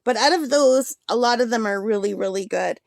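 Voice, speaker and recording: A woman's voice: a little high, brisk, creaky, no room sound. A woman chatting casually through an art supply unboxing, rambling with fillers while she has the hiccups.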